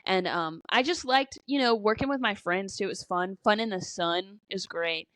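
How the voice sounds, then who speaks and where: A woman's voice: mid-range voice, normal speed, fairly bright tone, no echo. A woman in her twenties co-hosting a casual podcast, telling stories with lots of "like" and "you know" and swearing now and then. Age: 20s. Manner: chatty storytelling full of "like" and "you know". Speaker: podcast co-host. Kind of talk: casual chat.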